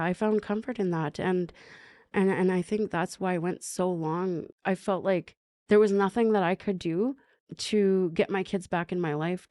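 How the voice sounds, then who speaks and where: Low-voiced woman telling her story. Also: mellow, no room sound. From Canada. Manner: halting, many fillers and restarts. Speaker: podcast guest. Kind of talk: emotional personal recovery story.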